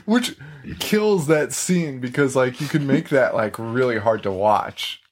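A podcast host with a mid-range voice chats casually and unhurriedly about a horror movie. He is animated, laughing as he reviews it and acting out lines from the film.

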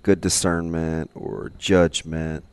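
A man's voice: rumbling low, flat delivery, slow pace, a little mellow, clean tone, no echo. A man co-hosting a morning radio show in casual banter, teasing his partner and laughing often. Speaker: radio co-host.

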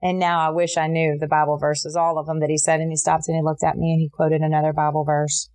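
A middle-aged woman earnestly telling a personal story in an interview, with fillers and restarts, acting out the voices in what people said. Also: quick pace. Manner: earnest, animated retelling with many fillers and restarts; voices others in quotes, jumping high for her own reactions.

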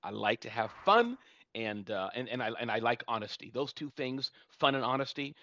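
A man's voice: mid-range voice, animated, normal speed, sharp tone, dry recording, highs cut off. A man in his forties hosting a live audio room, talking animatedly and saying the listener's name again and again. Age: 40s. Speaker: show host.

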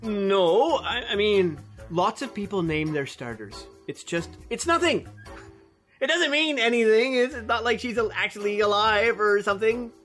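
A woman's voice: medium pitch, lively intonation, moderate pace, fairly bright tone, faint music behind. A young woman acting an eager, flustered novice baker in a comedy, tumbling over her words. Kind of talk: comedic radio drama acting.

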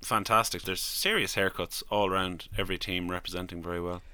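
Male co-host, very low voice, bright and smooth, casual recaps. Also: fairly even intonation, fairly quick, dry recording. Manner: informal, recapping with fillers. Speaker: podcast co-host. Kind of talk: casual chat.

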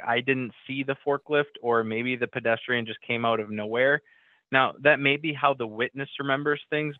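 A man's voice: mid-range voice, no echo. A man co-hosting an instructional safety talk, speaking conversationally with many fillers and restarts. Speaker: co-host. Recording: tinny phone-like line.

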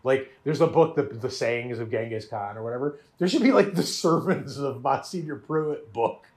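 Podcast guy rambling animatedly about a show, mid pitch, lots of restarts. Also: normal speed. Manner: animated, restarts, laughs often. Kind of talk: casual chat reviewing a show.

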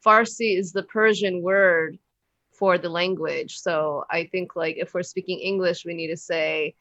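A woman chatting casually as a podcast guest, telling stories in an animated, talkative way. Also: fairly low pitch, a little slow, no echo, muffled recording. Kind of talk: casual chat.

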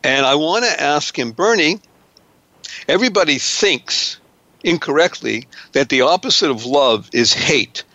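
A man hosting a radio interview, with a gushing, flowery way of speaking and drawn-out words. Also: on the high side, animated, bright, forceful tone, no echo, dull audio. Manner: effusive, flowery, drawn-out delivery. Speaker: radio show host.

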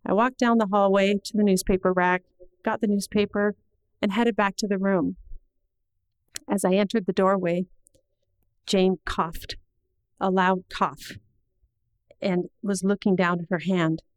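A middle-aged woman telling a personal story to an audience in an earnest, measured way, slowing down at the heavy moments. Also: mid-range voice, fairly even intonation, smooth, dry recording, rough recording.

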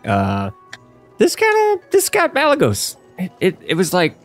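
A man hosting a casual lore podcast, rambling and joking as he tells the story. His pitch moves around a lot in an animated way. Faint music sits underneath. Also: a little slow. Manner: goofy, rambling storyteller who laughs often. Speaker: podcast host.

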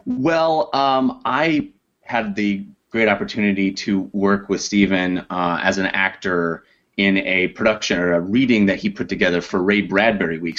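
A man, an actor and audiobook narrator, talking in a relaxed, self-deprecating way in a podcast interview. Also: sits low, highs cut off.

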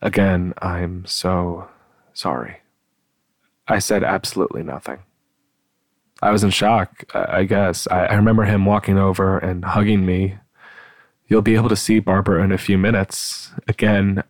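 A man telling his own painful story aloud in a halting, subdued way, stumbling over repeated starts. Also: low-pitched, no echo. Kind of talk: personal storytelling, read aloud.

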